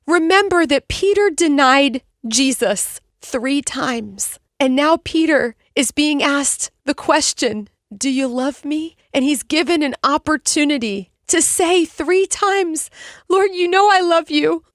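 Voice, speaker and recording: A woman's voice: high-pitched, slow, dry recording, studio quality. A woman hosting a devotional podcast, reading Bible passages and teaching in an earnest, exclaiming way, speaking straight to the listener.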